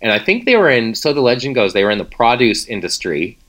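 A man's voice: medium pitch, very animated, quick pace, fairly bright tone. A man, co-hosting a casual chat and playfully quizzing his partner with trivia. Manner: playful, teasing quizmaster. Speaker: co-host running a trivia game.

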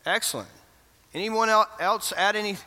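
A man's voice: high voice, moderate pace, sharp tone. A man preaching an interactive sermon in a church, asking the congregation questions and affirming their answers. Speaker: pastor. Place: church sanctuary. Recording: reverberant church hall.

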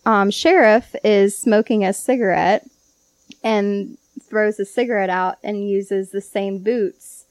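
A woman's voice: mid-range voice, fairly even intonation, slow pace, a little mellow, no echo. Chatty, hesitant woman guest. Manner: chatty, hesitant, many fillers. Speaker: podcast guest. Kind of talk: casual podcast chat.

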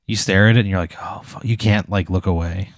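A man's voice: deep voice, steady tone, fast, no room sound, studio quality. Casual, profane man narrating a game. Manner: casual, profane, vivid storytelling. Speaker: game master.

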